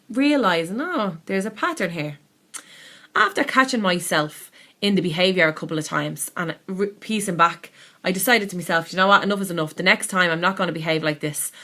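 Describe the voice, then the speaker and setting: Woman self-care coach, lower voice. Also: a bit bright. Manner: candid, personal examples, acts out her own thoughts. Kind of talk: talking-head self-help video.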